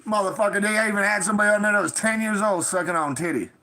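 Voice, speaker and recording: A woman telling a story in a casual vlog, swearing freely and jumping high in pitch for quoted voices. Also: rapid-fire, background noise. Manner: profane, animated, swings pitch for quoted voices.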